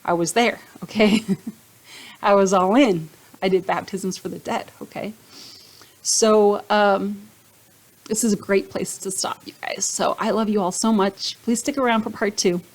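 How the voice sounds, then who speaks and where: Woman, vlogger, personal testimony, earnest, emotional, chatty check-ins with viewers, middle pitch. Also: steady tone, a little slow, poor audio. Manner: emotional, gets choked up. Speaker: vlogger sharing her faith testimony.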